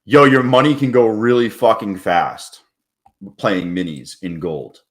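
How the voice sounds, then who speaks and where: A man's voice: lowish voice, unhurried. Loose, profane man chatting on a stream. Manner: loose, profane, joking banter with chat. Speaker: livestream trading host. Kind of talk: casual live-stream chat.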